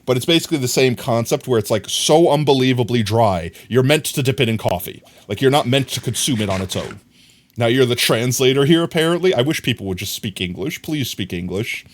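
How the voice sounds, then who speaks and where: A man's voice: medium pitch, expressive, brisk. Chatty American man streaming a game. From United States. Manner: rambling, chatty, talks to chat and reads it aloud. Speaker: livestreamer. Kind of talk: casual livestream chat while gaming. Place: home room with his dog.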